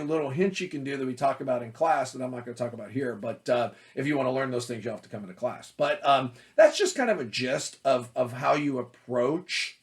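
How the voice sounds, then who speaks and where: An acting coach teaches about auditions in a medium-pitched voice, speaking loudly, forcefully and with lots of energy.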